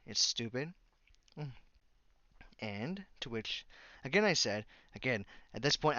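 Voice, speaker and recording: A man's voice: medium pitch, sharp tone, clear, resonant tone, no echo, lo-fi sound. A man telling a rambling story in a casual vlog, sarcastic and exasperated as he goes. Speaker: YouTuber.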